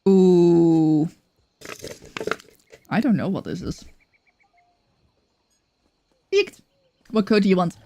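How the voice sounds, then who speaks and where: A woman's voice: on the low side, extremely slow, pauses often, dark tone, muffled recording, a little hiss or hum. A woman streaming a game, chatting casually with viewers by name and cooing at her cat from her computer chair. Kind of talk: casual live-stream chat.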